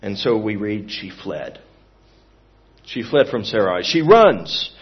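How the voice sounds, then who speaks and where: A man preaching a sermon in an earnest, expressive way, moving from emphatic to hushed. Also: on the low side, slow, husky, highs cut off.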